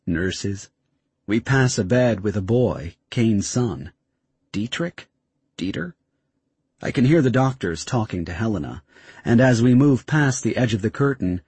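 A man narrating a first-person story in a tense, steady way. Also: on the low side, breathy edge, dry recording. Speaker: audiobook narrator.

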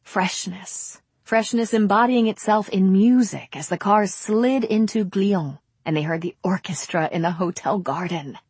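A woman reading a novel aloud as a narrator, in a measured, unhurried way. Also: medium pitch, a little mellow, husky, no echo. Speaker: audiobook narrator. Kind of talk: scripted narration.

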